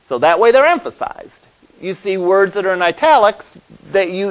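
Guy teaching a class, kinda high voice, keeps asking "all right?". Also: rough recording. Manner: explanatory, repeats "all right?" to check understanding. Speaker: college web development instructor. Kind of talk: classroom lecture.

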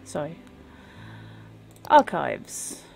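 A woman's voice: sits low, huge pitch swings, very slow, creaky, a little mellow, faint music behind. A woman streaming a game, chatting casually and wryly over the gameplay. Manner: wry and chatty. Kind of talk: casual live game commentary.

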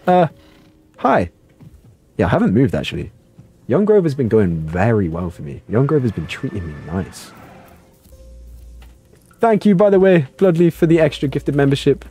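Excitable man streaming games, husky. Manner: playful and excitable, jumping to high yelps. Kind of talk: live gameplay commentary chatting with viewers.

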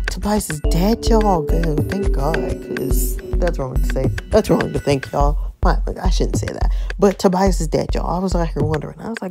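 Brief: woman with a lowish voice, chatty and blunt, playing a story game with music behind. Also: moderate pace, creaky, few pauses, low-quality recording. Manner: chatty, blunt, swears casually. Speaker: gameplay narrator. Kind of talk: reading a story game aloud with commentary. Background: background music.

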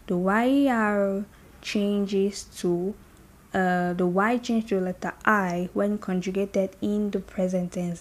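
A woman's voice: mid-range voice, a little mellow. A woman teaching a French grammar lesson, reciting conjugations and often checking in with "okay?". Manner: slow and deliberate, repeats conjugations aloud, checks in with "okay?". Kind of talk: explaining grammar, slow drill-style lesson.

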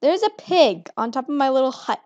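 A woman's voice: high voice, lively intonation, a little fast, a little mellow, no echo. A young woman giving casual gameplay commentary as a channel host, rambling, swearing freely and joking at her own expense. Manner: profane, rambling, self-mocking. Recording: muffled lo-fi home recording.

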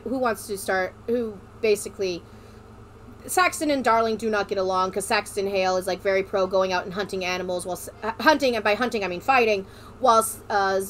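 A woman streamer chatting casually, excitable and rambling, often breaking into giggles. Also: medium pitch. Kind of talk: casual chat.

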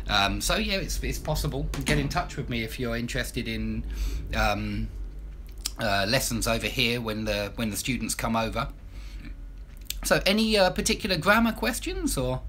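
Casting note: male English tutor, Estuary English accent, bright forward tone, casual hesitant live Q&A delivery. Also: medium pitch, a little hiss or hum. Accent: Estuary English, Essex. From Southend, Essex, England. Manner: casual, chatty, many ums and restarts. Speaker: English teacher. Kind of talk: live Q&A stream.

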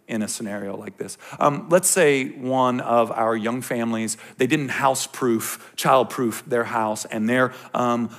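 A man in his thirties preaching to a youth group, swinging between quiet explanation and passionate ranting with jokes aimed at the crowd. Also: mid-range voice, gravelly. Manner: impassioned, ranting and joking with the crowd. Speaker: youth pastor. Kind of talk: sermon.

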